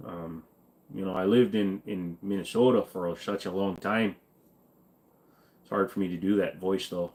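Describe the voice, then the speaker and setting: A man's voice: deep voice, fairly even intonation, moderate pace, pauses often, a little mellow. A man in casual live stream chat, reading viewer questions aloud and answering them in a crude, joking way. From Virginia.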